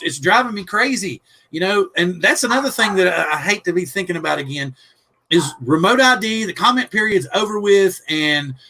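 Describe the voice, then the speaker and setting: Guy hosting a livestream, high bright voice, rambly, keeps restarting himself. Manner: rambling, stops and restarts, earnest. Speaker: host. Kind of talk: casual livestream chat.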